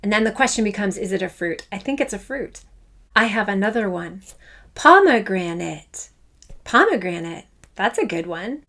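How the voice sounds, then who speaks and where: A woman's voice: medium pitch, animated, moderate pace, fairly bright tone. A woman teaching a children's music lesson. She sounds enthusiastic and encouraging, chants fruit names in rhythm, and draws out the syllables. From Canada. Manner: enthusiastic, encouraging, speaks straight to the learner.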